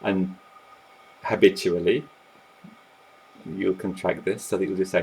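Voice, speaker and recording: A man teaching about language learning, explaining in a lively, animated way while sketching on a board. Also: deep voice, a little slow, slightly rough, low-quality recording. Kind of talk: explanatory video talk.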